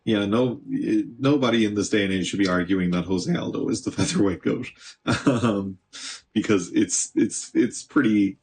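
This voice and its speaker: A man's voice: lowish voice, normal speed, darkish tone, slightly rough. A man streaming gameplay, chatting casually and talking back to the game, with an occasional swear. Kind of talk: live gameplay commentary.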